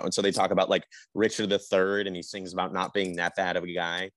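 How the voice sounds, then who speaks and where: Young man, low voice, dry close sound; halting, filler-heavy interview chat. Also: fairly even intonation, a bit bright, dry recording. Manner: rambling, halting, full of fillers. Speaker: actor guest.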